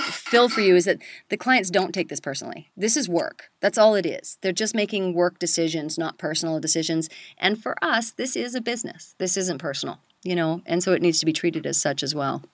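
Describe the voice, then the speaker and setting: A middle-aged woman hosting a casual chat about voice-over work, animated and quick to laugh. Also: on the low side, no room sound. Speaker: voice-over coach and host.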